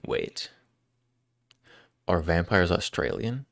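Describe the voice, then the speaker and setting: A man's voice: low-pitched, unhurried, pauses often, no echo, studio quality. A man live-streaming, chatting casually and jokingly with his viewers as he answers their questions.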